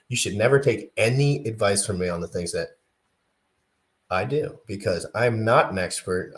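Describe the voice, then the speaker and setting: Excitable rambling man on a livestream. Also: on the low side. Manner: rambling, self-deprecating, excitable. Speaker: livestream co-host. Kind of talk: casual livestream chat.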